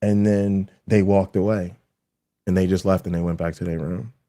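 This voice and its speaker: A man's voice: low voice, steady tone, normal speed, dark tone. A man hosting a show, ranting heatedly and profanely at his audience and hammering his points again and again. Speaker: show host and college lecturer.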